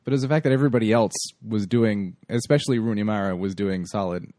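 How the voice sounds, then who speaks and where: A man's voice: lowish voice, fast talker, dark tone, dry recording, studio quality. A man co-hosting a casual movie podcast, rambling with restarts, swearing and laughing easily. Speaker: podcast co-host.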